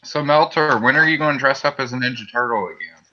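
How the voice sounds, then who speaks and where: A man chatting casually on a live stream, telling a story in a deadpan way. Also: medium pitch, fast talker. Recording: dull lo-fi mic sound.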